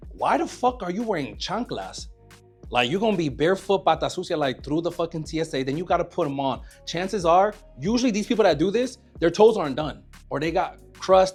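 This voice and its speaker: A man's voice: on the high side, a little mellow, slightly rough. A man co-hosting a podcast, ranting bluntly and with lots of swearing in casual group chat. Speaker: podcast co-host.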